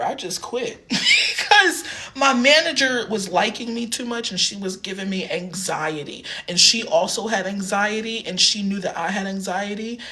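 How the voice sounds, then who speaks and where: A man's voice: sits high, pushed and bright. A man rambling in a casual livestream rant, filling his talk with lots of filler words.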